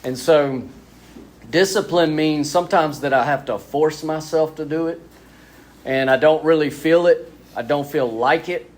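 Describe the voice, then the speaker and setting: A man giving a lively, self-mocking recovery talk as a speaker at a men's spiritual retreat. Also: fairly high pitch. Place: retreat gathering.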